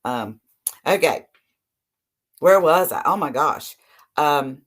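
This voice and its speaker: A woman with a low voice gives an earnest motivational talk about recovery. She reads short passages aloud, then preaches on them, sometimes pushing hard and sometimes dropping to near-whispers. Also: takes it slowly, long pauses. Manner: earnest, preachy, animated with sudden soft drops. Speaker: recovery speaker.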